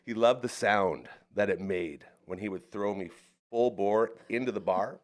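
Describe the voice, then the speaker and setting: Man with a low voice telling stories. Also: a little slow. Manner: animated, acts out the other people in his stories. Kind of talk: casual storytelling chat. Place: studio of a live podcast.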